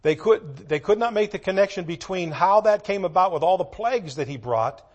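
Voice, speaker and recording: A man preaching a sermon, reading scripture slowly and swinging between hushed asides and loud emphatic lines. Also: high voice, lively intonation, dull audio. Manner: reads scripture in slow, measured tones.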